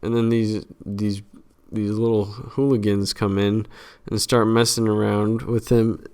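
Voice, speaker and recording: A man's voice: fairly low pitch, little pitch movement, a little slow, darkish tone, clear, resonant tone. A man casually recapping a film's plot in a rambling way, full of fillers and restarts. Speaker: channel host summarizing a film.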